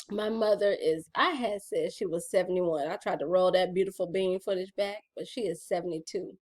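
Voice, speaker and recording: Chatty woman with lively pitch. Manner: chatty, playful, addresses viewers as y'all. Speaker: vlogger reading her gratitude journal. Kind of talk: casual chat.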